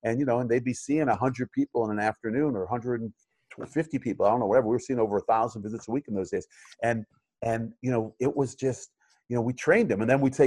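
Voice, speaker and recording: A man's voice: medium pitch, a little mellow, no room sound. Rambling middle-aged man, dry sound. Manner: rambling, many fillers and restarts. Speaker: chiropractor and practice coach. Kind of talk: casual interview conversation.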